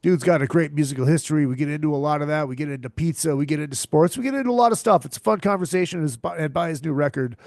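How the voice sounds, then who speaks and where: A man's voice: fairly high pitch, very fast, hardly any pauses, a little mellow, no echo, studio quality. A man hosting a podcast, ranting in a crude, profane and exasperated way, repeating himself often. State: tired and hungover. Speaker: podcast host. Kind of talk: crude comedic rant.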